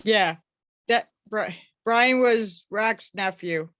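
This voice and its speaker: Slow-speaking woman client, dull dry sound. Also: mid-range voice, fairly bright tone, dry recording. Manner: brief, slow answers. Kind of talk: casual conversation.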